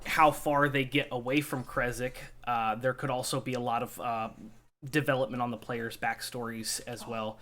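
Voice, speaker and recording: Measured, explanatory male game master. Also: medium pitch, flat delivery, a bit bright. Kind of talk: casual podcast chat.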